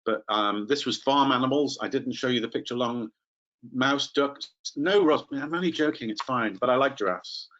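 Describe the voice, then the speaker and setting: A man's voice: mid-range voice, normal speed, fairly bright tone, muffled recording. A man training teachers in a live online webinar, chatty and playful, calling on participants by name.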